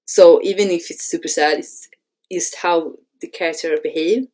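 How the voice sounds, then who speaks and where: Woman, deep voice, screenwriting host, hesitant, lots of fillers. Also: fairly even intonation, moderate pace, a little mellow. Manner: hesitant, many fillers and restarts. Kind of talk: reading and analyzing a screenplay.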